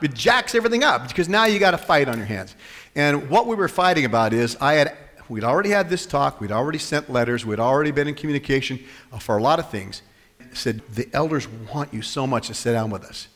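A man preaching a sermon as pastor, animated, swinging between loud and soft and acting out the quotes he tells. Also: mid-range voice. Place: church hall. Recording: long hall reverb.

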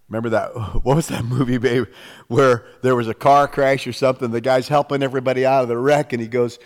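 A man preaches with fervent, conversational warmth, slipping into acted prayers without changing voice. His voice sits at an ordinary pitch for a man. The sound carries a long reverb, as if filling a large hall. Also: fairly quick. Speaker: pastor. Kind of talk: sermon.

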